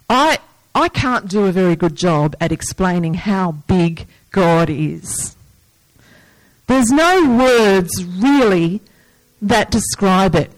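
A woman's voice: medium pitch, takes it slowly, no room sound, rough recording. A woman preaching a sermon in an earnest, plain manner, reading scripture and asking the listeners questions. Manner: earnest, breaks into lively movie-yelling asides.

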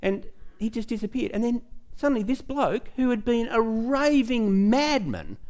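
A middle-aged man, preaching a sermon in a church and telling personal stories with growing excitement. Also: extremely high pitch, normal speed. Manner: storytelling, animated, rising excitement. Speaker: pastor.

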